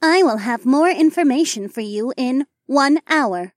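A man voicing a polite robotic female AI assistant, speaking in a formal, measured way. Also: very high voice, animated, no echo, clean studio sound, pitched above the performer's own voice.

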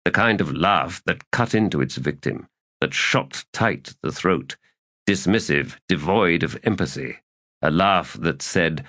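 A man narrating an audiobook in a slow, expressive reading. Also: deep voice, no echo, studio quality. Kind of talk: scripted narration.

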